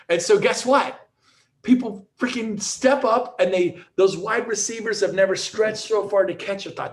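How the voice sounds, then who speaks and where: A middle-aged man giving an energetic motivational talk as a guest speaker, telling stories with frequent restarts. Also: high voice, normal speed. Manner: energetic storytelling with repeated restarts.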